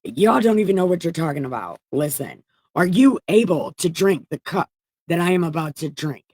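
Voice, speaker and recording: A woman's voice: on the low side, big pitch swings, moderate pace, a little mellow, breathy edge, no echo. A woman voicing a blunt, irreverent male Jesus who talks in casual modern slang and swears. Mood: dismissive. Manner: casual, profane, sarcastic.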